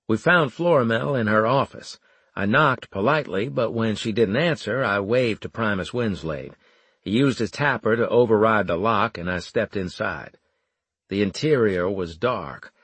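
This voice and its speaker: A man reads a first-person story in a steady, wry way. His voice is strongly raspy and husky, and his pitch sits in the low middle. The recording is dry and close. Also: no echo. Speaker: audiobook narrator. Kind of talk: first-person scripted narration.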